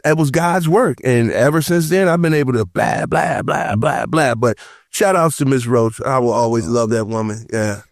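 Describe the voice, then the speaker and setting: A man on a podcast panel telling personal stories in casual chat, animated and acting out the voices of the people he quotes. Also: on the high side, dry recording, clean studio sound. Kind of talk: casual roundtable chat, storytelling.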